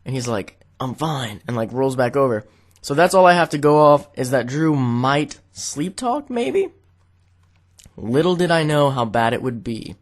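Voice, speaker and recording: A man's voice: medium pitch, very animated, moderate pace. A young man vlogging to camera, telling a casual, rambling story full of "like" fillers.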